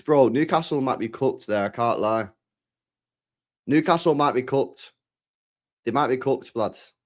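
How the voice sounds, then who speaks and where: A man's voice: mid-range voice, measured pace, long pauses. A young man chatting casually, rambling, swearing freely and repeating himself in slang. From England. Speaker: streamer chatting with viewers. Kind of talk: casual chat.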